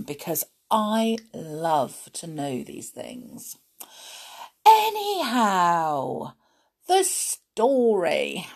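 A middle-aged woman reading a storybook chapter aloud to children, with giggly, chatty asides between expressive narration. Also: lowish voice, vocal fry, slightly rough.

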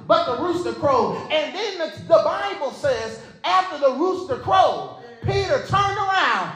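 A man preaching a call-and-response sermon as pastor, building to shouted, whooping delivery. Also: extremely high pitch, very animated, measured pace, hardly any pauses. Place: church sanctuary. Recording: echoey church with organ music.

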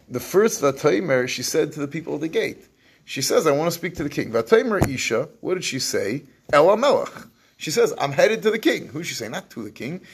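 A man's voice: mid-range voice, vocal fry, husky. A man teaching an evening Torah class, reading verses, translating them and acting out what the people said, in Yeshivish English. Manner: Yeshivish English with Hebrew phrases.

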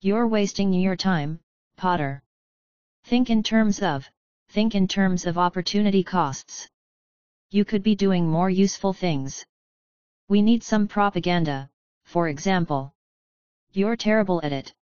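A woman's voice: medium pitch, a little slow, pauses often, a little mellow, clean tone, no room sound, lo-fi sound, lightly acted. A woman voicing a smug, sarcastic young noble wizard who mocks and lectures. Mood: lecturing. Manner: mocking, sarcastic.

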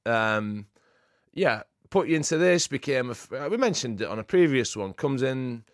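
A man's voice: mid-range voice, expressive, normal speed, dry recording, studio quality. Blunt, plain-spoken male co-host. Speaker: podcast co-host. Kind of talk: casual podcast chat.

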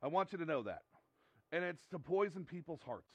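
Earnest high-voiced male pastor preaching. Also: big pitch swings, brisk, fairly bright tone, breathy edge, no room sound. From United States. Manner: earnest and conversational, with frequent repetitions and restarts. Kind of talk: sermon.

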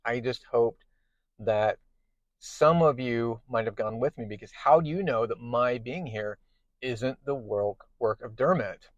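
A man's voice: mid-range voice, a little slow, no room sound, dull audio, natural voice. Superman, earnest hero read by a man. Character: earnest, hopeful male superhero.

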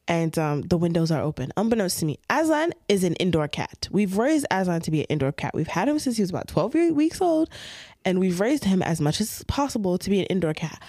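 Young woman, podcast co-host, casual animated storytelling, mid pitch, dry sound. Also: no room sound. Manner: animated, dramatic storyteller acting out scenes.

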